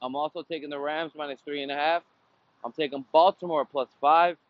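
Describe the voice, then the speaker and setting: A man's voice: a little high, fairly even intonation, brisk, muffled recording. A man hosting a casual sports betting podcast, running through picks and results in a brash, profane way from a windy spot outdoors. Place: outdoors, windy, traffic nearby.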